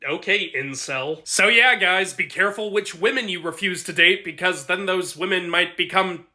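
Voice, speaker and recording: Casting: man, high bright voice, very animated, sarcastic comic narrator. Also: normal speed. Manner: sarcastic, punchy delivery. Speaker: comedy sketch creator. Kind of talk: comedic myth narration.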